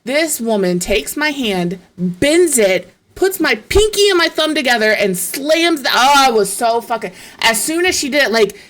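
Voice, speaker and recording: A woman's voice: high-pitched, animated, moderate pace, hardly any pauses, a bit bright. A woman streamer in casual chat, telling stories in a profane, exasperated way.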